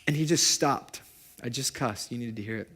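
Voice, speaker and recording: A young adult man preaching a sermon to his congregation in a conversational way, asking them questions and moving between loud and hushed. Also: mid-range voice, normal speed, a little hiss or hum. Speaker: pastor. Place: church service before a congregation.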